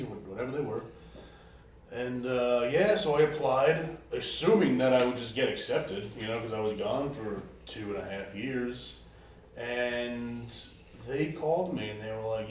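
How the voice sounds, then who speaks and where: A man's voice: mid-range voice, unhurried. A man co-hosting a casual chat, with a wry, self-mocking way of talking. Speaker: co-host. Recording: echoey room, distant mic, faint noise.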